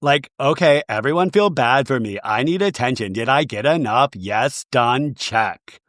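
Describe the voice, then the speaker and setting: A man putting on the voice of a blunt adult woman from a reality show, low, flat and dismissive. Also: measured pace, dry recording, clean studio sound.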